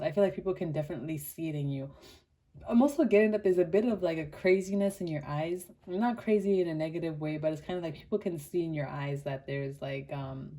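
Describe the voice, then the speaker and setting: Young woman from Botswana, low mellow tone, animated casual tarot reader. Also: fairly quick. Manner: chatty and animated, many "like" fillers, laughs often. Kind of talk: casual pick-a-card tarot reading.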